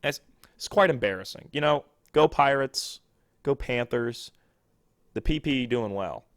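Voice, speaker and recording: A young man hosting a solo sports podcast, rambling excitably and poking fun at himself. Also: medium pitch, a little slow, no echo, clean studio sound. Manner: rambling, excitable, self-deprecating. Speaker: podcast host.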